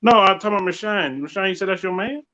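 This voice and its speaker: A man's voice: high-pitched, fast, sharp tone, highs cut off. A man hosting a live podcast, bantering playfully with slang in a loose group chat. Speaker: podcast host.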